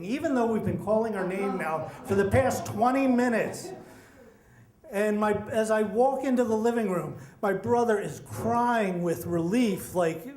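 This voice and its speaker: A middle-aged man telling a personal story, animated and acting out the voices of the people in it. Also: high-pitched. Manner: animated, acts out quoted voices. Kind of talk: personal story told to an audience. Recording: echoey room.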